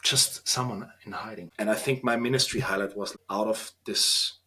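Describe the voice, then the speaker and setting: A man in his thirties with an Austrian German accent, a guest on a podcast interview, talking earnestly and reflectively with halting restarts. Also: fairly low pitch, steady tone, sharp tone. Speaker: podcast guest, trainee priest.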